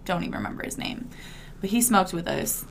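A young woman in casual podcast chat, relaxed and joking, quick to react. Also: lowish voice, vocal fry, a little hiss or hum. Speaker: podcast co-host.

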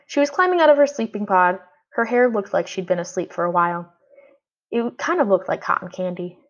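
Lively woman reading a storybook. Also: mid-range voice, brisk. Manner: expressive, voicing a frustrated boy in first person. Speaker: audiobook reader. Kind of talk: storybook narration. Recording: dull lo-fi audio.

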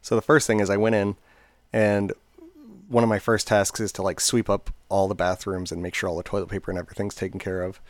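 Brief: low-voiced man, rambling casual storyteller, close dry mic. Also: flat delivery, quick pace, no room sound. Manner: rambling, chatty, many fillers. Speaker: podcast co-host.

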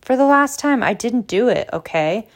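A woman's voice: medium pitch, moderate pace, gravelly, natural voice. A woman reading aloud as a sulky, defiant teenage boy who jeers and snaps back. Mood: defiant, angry. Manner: angry, jeering and defiant.

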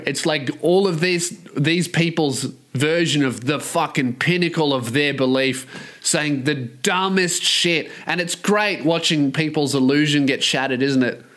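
A man's voice: on the high side, fairly bright tone. A man hosting a solo podcast, ranting in a profane, mocking and rambling way. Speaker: podcast host.

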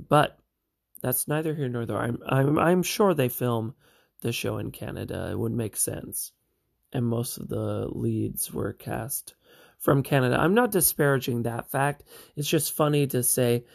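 A man talks through a TV series in an unhurried, drawn-out way, with a gravelly, creaky edge to his voice. His delivery is chatty and meandering, full of asides. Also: mid-range voice. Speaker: TV series reviewer. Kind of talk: casual spoken review.

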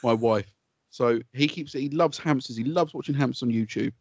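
A man co-hosting a podcast, chatting casually, swearing freely and telling animated stories. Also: medium pitch, moderate pace, slightly rough, no echo, dull audio. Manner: swears freely, animated storytelling with put-on quotes. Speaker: podcast co-host. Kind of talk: casual chat.

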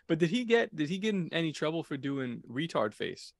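A man in a casual, crude chat who puts in short, deadpan one-liners. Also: on the high side, fairly quick, creaky.

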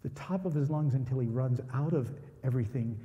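Male pastor, sermon storytelling, mellow tone, long hall reverb. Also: mid-range voice, brisk, muffled recording. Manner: animated storyteller who acts out quoted voices.

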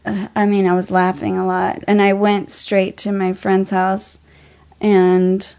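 A young adult woman, an actor, telling an animated story in casual chat, laughing often and using many fillers. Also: mid-range voice, a little slow. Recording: dull lo-fi sound.

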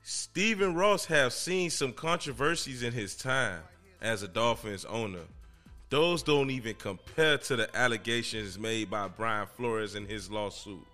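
A man hosting his own podcast, talking casually in an excitable, slangy, emphatic way. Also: mid-range voice, a little slow, soft background music. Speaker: podcast host. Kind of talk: casual solo podcast commentary.

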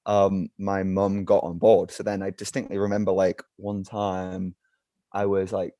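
Young man, low voice, rambling casual chat, dry close sound. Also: monotone, unhurried, dark tone, dry recording. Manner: rambling, heavy use of "like". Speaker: guest, actor. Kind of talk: casual conversation.

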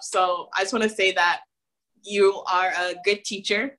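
A woman guest on a podcast, chatting casually and telling stories in an effusive, animated way. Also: medium pitch, normal speed, rough recording. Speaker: guest actress. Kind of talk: casual chat.

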